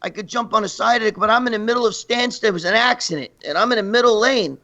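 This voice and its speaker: A man's voice: sits high, fast talker, sharp tone, dull audio. A man telling crude comic stories, profane and rambling, laughing as he goes. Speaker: guest storyteller.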